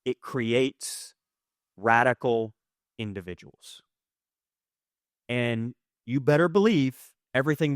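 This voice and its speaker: A man delivering a conversational sermon from a church stage, open and animated, full of quick asides. His voice sits at an ordinary middle pitch. The sound is dry and close, with no room echo. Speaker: pastor. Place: church auditorium.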